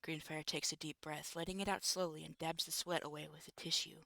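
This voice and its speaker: A streamer narrating a visual novel aloud in steady storybook fashion, with occasional asides. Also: mid-range voice, a little fast, vocal fry, few pauses, no echo, studio quality.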